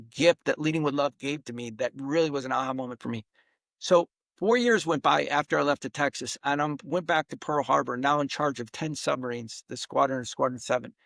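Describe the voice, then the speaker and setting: A man's voice: medium pitch, fairly quick, vocal fry, no echo. A middle-aged man, a podcast guest, telling a personal story earnestly and with feeling, acting out the quotes. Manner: earnest, emotional, animated retelling with acted-out quotes.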